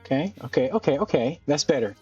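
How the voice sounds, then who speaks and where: A man casually narrating his own gameplay, thinking aloud and filling pauses with ums as he goes. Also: medium pitch, expressive, a little mellow, distant mic. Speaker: gaming channel host. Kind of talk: casual let's-play commentary. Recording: dull lo-fi mic a bit off, faint music. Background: faint background music.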